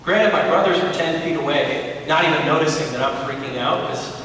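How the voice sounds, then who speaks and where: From far off in an echoey church sanctuary, a young male pastor preaches, telling stories with playful asides to the congregation. His voice is fairly high, a bit bright and fairly quick, with a little hiss or hum on the recording.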